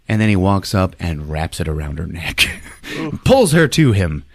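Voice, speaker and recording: A male podcast host giving a comedic, profane movie recap as an animated, laughing storyteller. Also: fairly low pitch, normal speed, dry recording.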